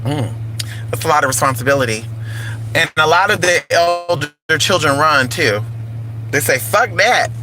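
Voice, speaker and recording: A man's voice: a little high, normal speed, pauses often, music in the background, low-quality recording. A man vlogging in casual chat, playful and crude, calling his viewers honey and y'all.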